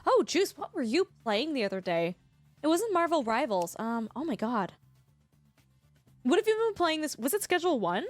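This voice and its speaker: A high-pitched woman streamer chatting casually with her viewers. She talks in a bubbly, effusive way, thanking people and laughing often, with faint music playing underneath. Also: big pitch swings, moderate pace, dry recording. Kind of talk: casual chat with live viewers.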